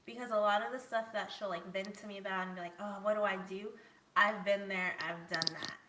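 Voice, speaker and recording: A woman's voice: mid-range voice, steady tone, fairly quick, noisy background. A woman hosting a podcast in casual chat, candid and profane, often breaking into laughter. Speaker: podcast host.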